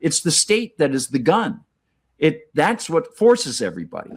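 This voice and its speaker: A man's voice: a little high, wildly swooping pitch, moderate pace, slightly rough. A man hosting a casual podcast conversation, talking in long rambling stretches with many restarts and fillers. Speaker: podcast host.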